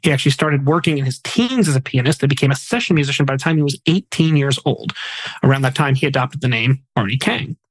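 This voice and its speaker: A man's voice: medium pitch, quick pace, slightly rough, no echo, rough recording. A man hosting a music podcast, reading memorial facts in a chatty way with jokey asides. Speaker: podcast host. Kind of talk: casual podcast narration of memorial segments.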